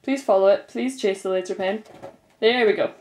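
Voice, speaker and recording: A woman with a mild Scottish accent talks to camera in a casual vlog. She is from Glasgow and keeps it upbeat and chatty. Her speech is full of ums, and her voice sits at an ordinary pitch. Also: moderate pace, a little mellow. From Scotland, Glasgow. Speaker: vlogger. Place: her bedroom at home.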